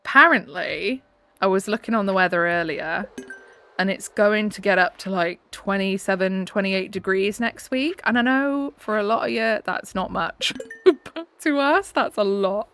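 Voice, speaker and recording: A woman's voice: medium pitch, normal speed, fairly bright tone. A young British woman chatting casually and giggling as she plays a farming video game. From Britain. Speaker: gaming channel host. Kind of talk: casual gameplay chat.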